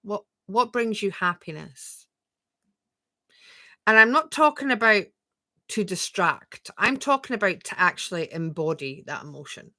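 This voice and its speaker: A woman coaching viewers on a live stream, talking gently and asking a lot of rhetorical questions. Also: medium pitch, lively intonation, measured pace, dry recording. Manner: reads viewer comments aloud and answers them. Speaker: spiritual coach.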